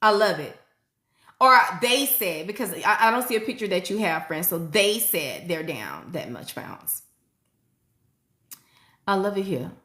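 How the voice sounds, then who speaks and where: A middle-aged woman nurse hosting a casual livestream, excitedly reading viewers' comments aloud and hyping them up. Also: fairly low pitch, normal speed, echoey room. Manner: excitable, hypes viewers up, frequent "y'all".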